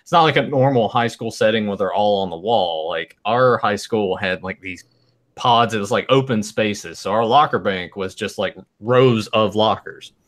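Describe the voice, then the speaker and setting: A man co-hosting a podcast in a fairly low voice with a bright, forceful edge. He jokes, laughs and teases his friends as he tells old high school stories. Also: normal speed. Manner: teasing, laughing storyteller. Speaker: podcast co-host. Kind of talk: casual chat.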